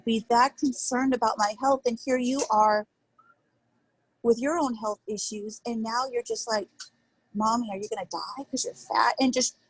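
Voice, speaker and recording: A woman's voice: fairly high pitch, low-quality recording. A woman in her thirties, an interview guest telling a candid personal story in an earnest, emotional, rambling way.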